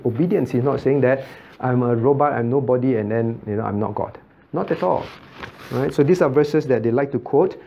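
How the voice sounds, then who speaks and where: Male pastor leading a Bible class, mellow tone, dull lo-fi recording. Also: medium pitch. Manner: questions the class, repeats key points. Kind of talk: interactive Bible teaching.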